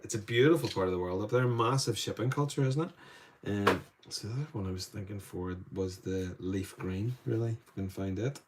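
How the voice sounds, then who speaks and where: A man's voice: fairly low pitch, moderate pace, very noisy. A man with a Northern Irish accent, chatting casually as he runs a live painting demo and greets viewers by name. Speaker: art tutor streaming live.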